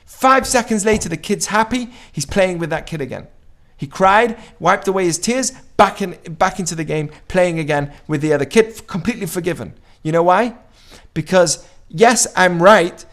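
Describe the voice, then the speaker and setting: With a high-pitched, animated voice, a fairly bright tone, and normal pacing, a man gives an informal Torah class. He keeps it conversational, quizzing his audience and dramatizing quoted exchanges.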